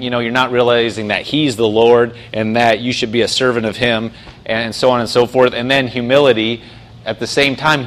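A man delivers a sermon in a loose, conversational way, with frequent restarts. He slows down and leans into phrases he wants to stress. His voice sits at an ordinary middle pitch. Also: a bit bright, rough recording. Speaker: pastor.

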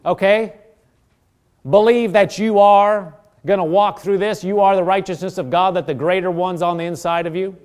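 Guy preaching a sermon, high voice, earnest, keeps repeating himself. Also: steady tone, normal speed, a little mellow. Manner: earnest, exhorting, repeats phrases and restarts often.

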